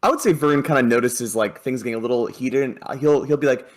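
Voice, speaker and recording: A man's voice: mid-range voice, fairly quick. A man casually narrating his character in a tabletop game, with laughter and fillers. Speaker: tabletop player.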